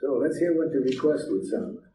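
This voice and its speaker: A man's voice: a little high, a little fast, dark tone. Man leading a workshop, heard from afar. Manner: playful storytelling, teasing. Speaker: workshop leader. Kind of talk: teaching workshop with role-play. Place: workshop room. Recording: echoey room from far off, faint hiss.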